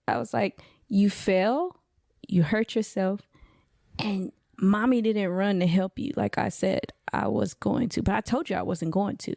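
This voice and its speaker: Gravelly-voiced woman telling a story. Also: moderate pace, dry recording, studio quality. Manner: animated storyteller, quotes her son in a high voice. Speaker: guest. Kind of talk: casual podcast chat.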